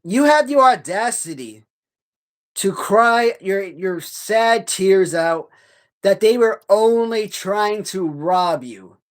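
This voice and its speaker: A man's voice: high-pitched, animated. Man ranting with heavy profanity. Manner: halting, many restarts and fillers. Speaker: live-stream host. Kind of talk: casual live-stream chat.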